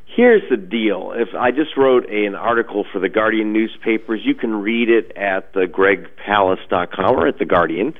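A man's voice: fairly low pitch, expressive, moderate pace, hardly any pauses. A male journalist guest explaining emphatically in a radio interview. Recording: tinny phone line.

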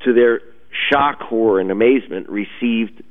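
A man with a fairly low voice comes through a thin, tinny phone line. He explains things emphatically and at length, as a guest on a radio interview. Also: normal speed. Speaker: journalist guest.

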